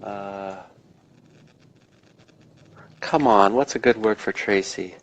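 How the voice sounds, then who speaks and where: A man's voice: on the low side, slow, low-quality recording. A man being interviewed in a casual chat, talking in a rambling, enthusiastic way and swearing now and then. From United States. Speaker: interview guest.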